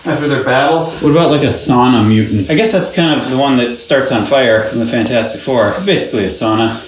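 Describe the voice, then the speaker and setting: A man's voice: medium pitch, brisk, a little hiss or hum. A man hosting a casual vlog, jokey and self-mocking, talking straight to the camera. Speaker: vlogger host. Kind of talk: casual vlog chat with comic asides.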